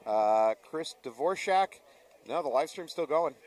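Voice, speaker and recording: A man calls paintball action as it happens, reacting quickly and teasing his co-host between plays. He sits back from the microphone, so his voice comes across slightly distant. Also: on the high side, lively intonation, darkish tone. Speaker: play-by-play commentator. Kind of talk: live paintball commentary.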